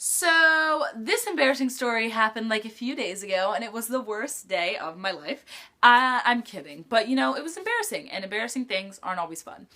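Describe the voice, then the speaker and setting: A woman's voice: a little high, animated, brisk, sharp tone. A teenage girl vlogging in a chatty storytime style, full of "like" fillers. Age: teens. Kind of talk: casual storytime chat.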